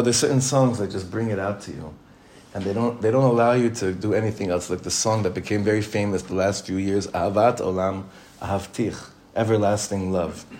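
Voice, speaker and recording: A man's voice: fairly low pitch, brisk, darkish tone. A man teaching an informal Torah class as a rabbi. He talks conversationally, repeats phrases for emphasis and chuckles often.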